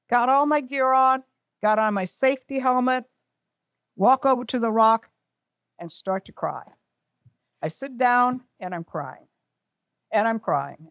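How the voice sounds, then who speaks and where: A woman's voice: mid-range voice, dry recording. Older lady telling a personal story at a community event, emotional and self-mocking, dry close sound.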